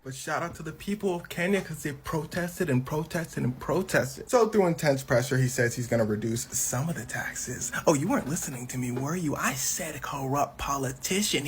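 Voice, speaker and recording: Male comic narrator, very animated pitch. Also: husky. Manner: animated, switching voices for characters. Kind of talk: comedic storytelling commentary.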